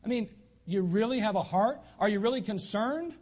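Pastor mid-sermon, man with a high voice, emphatic church preaching that hammers points by repetition. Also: expressive, moderate pace, a little mellow, husky. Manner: emphatic preaching, repeating lines for stress. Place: church sanctuary.

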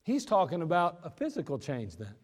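Guy preaching, folksy and jokey, higher voice, big echoey hall. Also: huge pitch swings, breathy edge. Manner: folksy, joking asides, emphatic slowdowns. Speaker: pastor. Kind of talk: sermon.

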